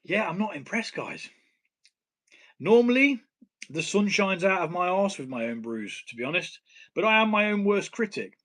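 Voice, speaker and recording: Blunt, bright-voiced British man. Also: sits high, lively intonation, moderate pace. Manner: blunt, swears casually, laughs at himself. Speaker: home brewing channel host. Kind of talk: casual live stream chat.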